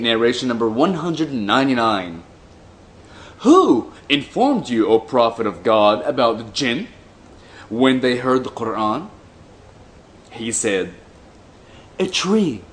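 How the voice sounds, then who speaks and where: A man reading religious texts aloud in a slow, deliberate way, breaking off for mocking, dry asides. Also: medium pitch, big pitch swings. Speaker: commentator reading hadith aloud.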